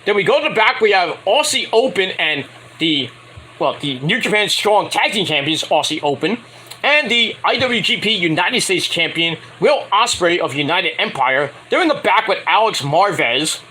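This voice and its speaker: There's slight background noise as a high-pitched man, moving at a moderate pace, casually and crudely rambles about a wrestling show. He animatedly mimics the wrestlers' remarks in mock voices.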